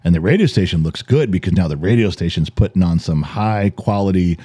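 A man in his forties, co-hosting a podcast and telling animated stories in casual chat, acting out the dialogue and swearing freely. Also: low voice, fairly quick, breathy edge, no echo. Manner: animated storyteller, acts out quoted dialogue, swears. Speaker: podcast co-host.

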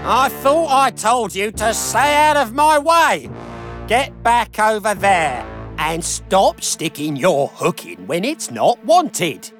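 A woman voicing a grumpy, proud male dockside crane who snaps gruffly in a storybook reading. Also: fairly high pitch, lively intonation, takes it slowly, a bit bright, faint music behind, pitched above the performer's own voice. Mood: furious. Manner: gruff, snappish.

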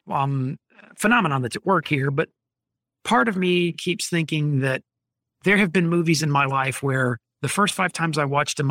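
A man's voice: a little high, pushed and bright, no room sound, clean studio sound. A man, ranting in an opinionated, exasperated way during a casual podcast chat. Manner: opinionated, exasperated, rambling critique.

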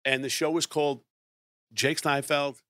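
A middle-aged man telling a lively story, acting out his own lines as he goes. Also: on the high side, unhurried, no room sound, studio quality. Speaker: guest storyteller. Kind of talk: animated anecdote telling.

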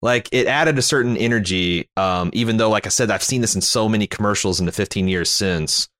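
A man with a fairly low voice talks through a film in a loose, casual way. He rambles, restarts his sentences and swears freely, like a friend chatting on a podcast. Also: a little fast, a bit bright, no room sound, studio quality. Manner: rambling, profane, jumps to high-pitched impressions. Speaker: podcast co-host.

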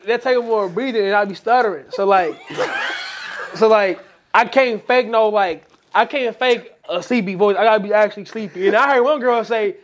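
A man's voice: sits high, normal speed. A young man chatting casually with friends, rambling and laughing often. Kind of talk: casual chat.

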